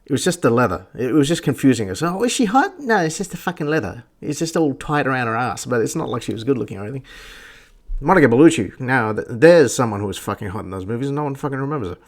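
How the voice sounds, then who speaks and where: A man's voice: medium pitch, lively intonation, fast. Scornful, foul-mouthed man. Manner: crude, scornful and blunt. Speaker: podcast host. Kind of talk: profane ranting commentary.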